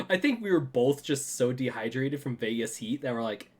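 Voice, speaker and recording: Man, podcast host, casual chat, chatty storyteller, laughs a lot, mid-pitched voice. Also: expressive, moderate pace.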